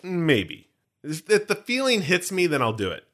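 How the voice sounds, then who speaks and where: A man's voice: sits high, huge pitch swings, a little slow, fairly bright tone. A man co-hosting a casual podcast, recapping a film with joking, rambling asides. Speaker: podcast co-host.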